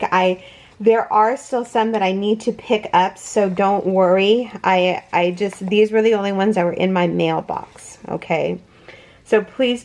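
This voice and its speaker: Emotional, gushing woman, slow delivery. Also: medium pitch, darkish tone. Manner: emotional, gushing, effusive thanks; halting, restarts often. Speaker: crochet channel host. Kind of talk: casual unboxing vlog.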